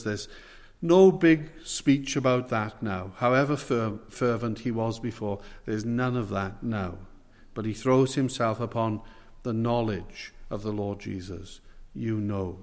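A man preaching a sermon, earnest, stressing words slowly and asking rhetorical questions. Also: medium pitch, a little mellow. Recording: long hall reverb.

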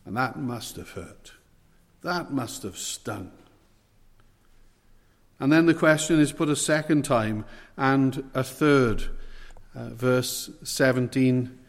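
Slow, earnest male preacher in reverb. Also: mid-range voice. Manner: earnest, with slow stressed repetitions and rhetorical questions. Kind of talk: sermon. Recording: long hall reverb.

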